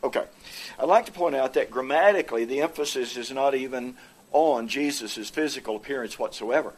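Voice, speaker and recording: A man presenting his side in a formal theological debate, speaking haltingly with frequent fillers and restarts. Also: mid-range voice. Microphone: presenter with projected notes.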